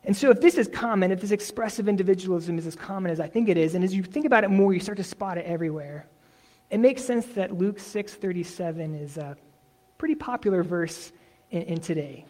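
A man's voice: high voice, brisk, darkish tone. Conversational male pastor preaching. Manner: conversational, self-correcting, uses imagined dialogue. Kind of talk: sermon.

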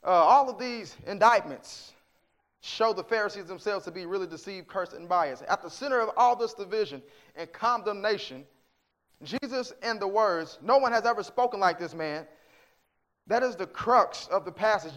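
A man preaching a sermon, with emphatic delivery that swings from hushed to forceful, asking rhetorical questions and quoting scripture. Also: high-pitched, lively intonation, moderate pace.

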